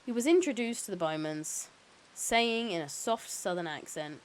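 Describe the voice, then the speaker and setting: A woman's voice: medium pitch, animated, moderate pace, hardly any pauses, slight background noise, rough recording. A woman streamer reading a novel aloud, breaking off now and then for casual, sweary asides.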